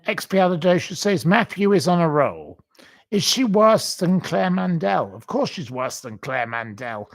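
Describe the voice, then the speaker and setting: A man's voice: high voice, vocal fry, slightly rough. A man hosting a livestream, reading out viewer comments and ranting bluntly with repeated insults. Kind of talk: casual live-chat rant.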